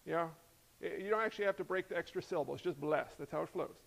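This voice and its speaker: A man preaching a sermon as pastor, lively and joking, peppering the congregation with rhetorical questions. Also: high voice, very fast, vocal fry. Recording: long hall reverb.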